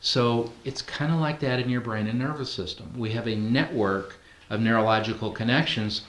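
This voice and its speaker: A man's voice: medium pitch, normal speed, a bit bright, echoey room. A man leading a training class, talking conversationally and asking the group questions. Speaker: NLP trainer. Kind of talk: classroom teaching.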